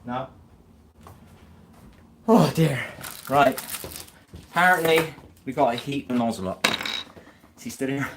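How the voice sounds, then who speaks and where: A man's voice: mid-range voice, measured pace, long pauses, noisy background. A man chatting casually on a live stream, teasing viewers with banter and frequent chuckles.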